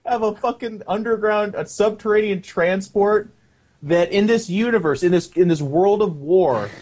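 Husky guy riffing on a strategy game with buddies, swears a lot, slightly high voice. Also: moderate pace. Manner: animated, swears a lot, acts out silly voices. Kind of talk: casual gaming chat.

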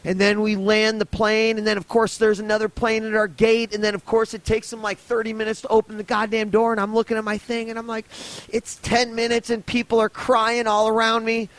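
A man's voice: sits high, monotone, quick pace, hardly any pauses, dry recording. A man, telling a rambling, profane travel story on a casual podcast. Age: 30s.

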